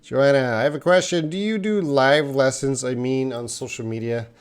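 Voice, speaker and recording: A man's voice: mid-range voice, moderate pace, clear, resonant tone. A young man teaching English on a live stream, reading viewers' questions aloud and answering them in an encouraging way. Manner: encouraging, talks straight to viewers, repeats names.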